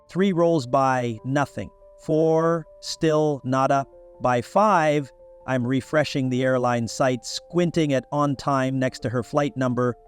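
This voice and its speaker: A young man narrating a first-person story in a casual, wry, conversational way. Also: medium pitch.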